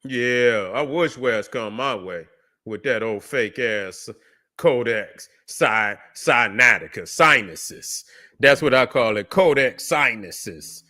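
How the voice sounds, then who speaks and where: A man's voice: medium pitch, slow pace, bright, forceful tone. A man hosting a livestream, loose and profane, mocking, with many fillers and restarts. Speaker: livestream host. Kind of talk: casual ranting commentary.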